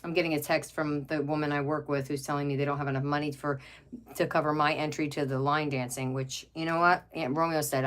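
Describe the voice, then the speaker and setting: A chatty middle-aged woman on a home craft livestream, her voice sitting a little low for a woman. She talks into a webcam in a loose, rambling way. She gushes over pets and reads out viewer comments as she works. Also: little pitch movement, a little fast, slight background noise. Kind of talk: casual chat while crafting, reading viewer comments.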